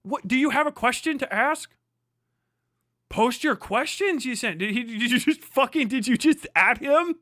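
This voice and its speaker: High, bright-voiced man ranting at an article. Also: animated, no echo, clean studio sound. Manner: exasperated, profane, rapid rhetorical questions. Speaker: streamer reacting to an article. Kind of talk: live stream reaction, reading aloud and ranting.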